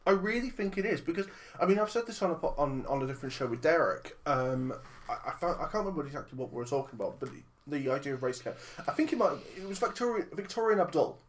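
Guy on a movie podcast, kinda high voice, rambles and keeps restarting his sentences. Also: lively intonation, quick pace, slight background noise. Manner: rambling, self-correcting, laughs easily. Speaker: podcast co-host. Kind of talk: casual film review chat. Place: lives in Liverpool, not local accent.

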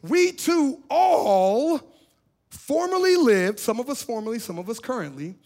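A man preaching a sermon as pastor, with sudden swings between shouting and hushed lines, repeating his phrases and laughing in bursts. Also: very high voice, very animated, a little slow.

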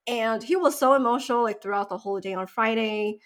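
A woman's voice: on the high side, brisk. Chatty woman telling a story. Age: 30s. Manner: animated storytelling, many likes and you-knows. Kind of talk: casual chat.

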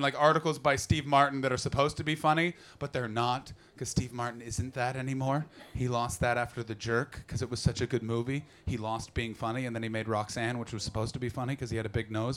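A young man doing a stand-up comedy set, rambling quickly and shouting into sudden put-on voices. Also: a little high. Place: comedy club stage before an audience. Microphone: handheld stage mic.

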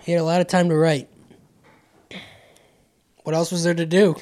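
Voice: medium pitch, level tone, moderate pace, darkish tone. A podcast co-host trading dry, sarcastic jokes in casual chat.

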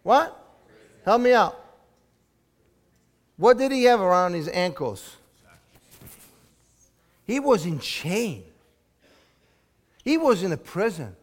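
High-voiced animated male preacher. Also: slow pace, pauses often, long reverb tail. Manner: animated preaching, swinging from loud exclamations to hushed asides. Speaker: pastor. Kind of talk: sermon.

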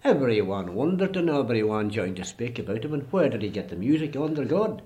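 Donegal storyteller, older style, rambling folksy delivery. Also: male voice, medium pitch, very animated, fairly quick, warm tone. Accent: Irish (Donegal). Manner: rambling, repetitive "he says". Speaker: traditional storyteller. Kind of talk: folk storytelling.

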